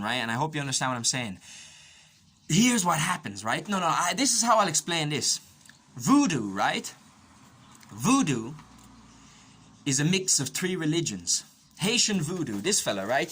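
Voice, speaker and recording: A man's voice: mid-range voice, bright, forceful tone. An Irish man giving a rambling, profane, conspiratorial comedic monologue and punctuating it with constant "right?" asides. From Ireland. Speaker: podcast host.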